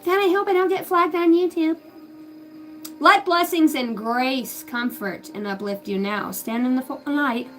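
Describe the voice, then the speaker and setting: A woman in her 30s works as a psychic medium on a casual live reading, rambling and swearing in a high-pitched voice. She speaks at a measured pace, with loud bursts giving way to soft asides.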